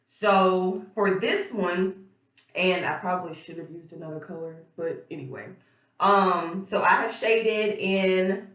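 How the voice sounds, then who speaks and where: Hoarse woman teacher in an echoey room. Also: lowish voice, a bit bright. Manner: patient, explains step by step with fillers. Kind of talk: recorded remote math lesson. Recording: echoey room, far from mic.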